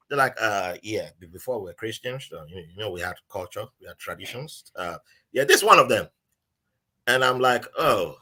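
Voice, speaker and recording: A man's voice: lowish voice, normal speed, husky. A man with a Nigerian accent, a podcast guest telling a story in casual chat and acting out the voices he quotes. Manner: animated storyteller who acts out quoted voices.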